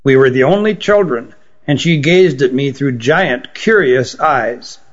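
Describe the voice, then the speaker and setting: A man reading an audiobook, voicing an ancient, remorseful queen with a slight rasp. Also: mid-range voice, animated, unhurried. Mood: reminiscing. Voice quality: raspy. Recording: dull lo-fi recording.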